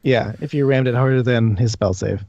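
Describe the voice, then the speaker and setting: As dungeon master in a tabletop game, a man narrates in a lively way, quick to laugh and now and then leaping into shouted character voices. His pitch is medium, and the recording is lo-fi with no room sound.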